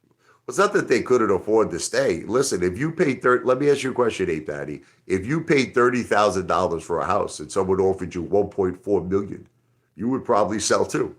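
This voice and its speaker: Low-voiced man rambling on a livestream. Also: animated, a little fast. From Brooklyn, New York. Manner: rambling, talks straight to chat. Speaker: livestream host. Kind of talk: casual livestream chat.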